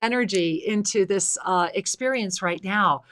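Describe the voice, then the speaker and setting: A woman's voice: fairly high pitch, animated, normal speed, a bit bright. Effusive woman host giving spiritual blessings. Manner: effusive, blessing-filled, affectionate address. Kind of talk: live call-in spiritual readings.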